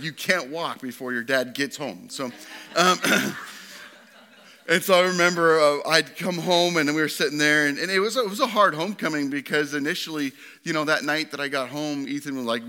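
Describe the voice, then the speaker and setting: A man in his thirties preaching a sermon, swinging from high, impassioned appeals to quiet, tender readings. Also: fairly even intonation, a little fast. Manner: impassioned preaching, voice rising high then dropping soft. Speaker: pastor.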